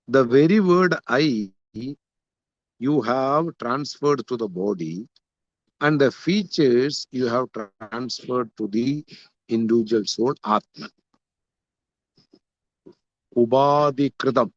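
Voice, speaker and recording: A man speaks slowly in a mid-range voice, leading a scripture class where he glosses Sanskrit words one after another and restates points to stress them. It's a lecture on a Sanskrit text, recorded without echo, though the sound is dull.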